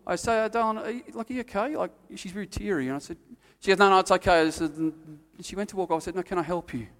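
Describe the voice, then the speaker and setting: A man preaching a sermon, telling a story and acting out the quotes, then dropping to quiet, earnest emphasis. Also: high voice, fast talker, big-room sound. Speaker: pastor.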